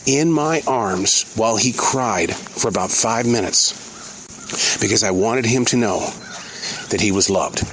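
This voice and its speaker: A middle-aged man hosting his own show, speaking in an earnest, halting, reflective way while out in a forest. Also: on the low side, a little hiss or hum, low-quality recording. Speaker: podcast host. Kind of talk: reflective spoken monologue. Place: outdoors in a forest.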